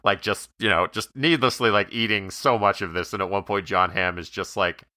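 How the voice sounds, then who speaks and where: Deep, bright-voiced man telling stories. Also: moderate pace, dry recording, studio quality. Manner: animated storyteller, acts out quoted scenes at a much higher pitch. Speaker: podcast co-host. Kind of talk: casual chat.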